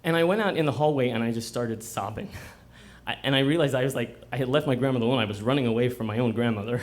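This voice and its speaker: A man's voice: mid-range voice, quick pace. A man telling a personal story at a live bookstore story slam, conversational and self-mocking, often slipping into laughter. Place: bookstore event before a live audience.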